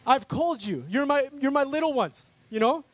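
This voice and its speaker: A guest speaker at an outdoor worship gathering in a park gives a fervent, emphatic testimony, his very high-pitched voice full of lively intonation at a normal speed. His tone is fairly bright with no echo, and he repeats himself often, calling the crowd "guys" again and again.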